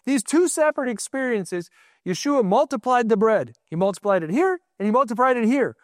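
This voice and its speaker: A man's voice: very high voice, brisk, dry recording, studio quality. A man preaching a sermon in a conversational way, often asking his listeners questions and telling stories. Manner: conversational, asks the audience questions, animated storytelling.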